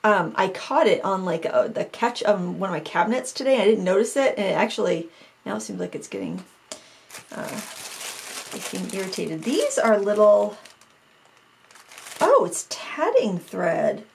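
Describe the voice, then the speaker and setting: A woman's voice: mid-range voice, very animated, unhurried, gravelly, long pauses. A woman craft vlogger from Maine, chatting casually and thinking aloud as she sorts through old things, often joking at her own expense. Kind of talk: casual chat.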